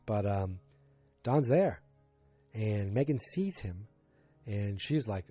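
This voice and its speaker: A man's voice: lowish voice, lively intonation, slow, long pauses, dark tone, husky, no room sound, soft background music. A man in his forties hosting a casual solo podcast recap, rambling with many fillers and restarts and throwing in exasperated asides. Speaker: podcast host.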